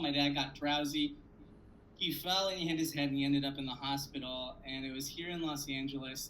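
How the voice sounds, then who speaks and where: A man telling comic family stories on a conference panel, animated and profane, jumping to loud high outbursts when he acts out scenes. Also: slight background noise, low-quality recording. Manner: profane, conversational, frequent "like". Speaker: comedian panelist.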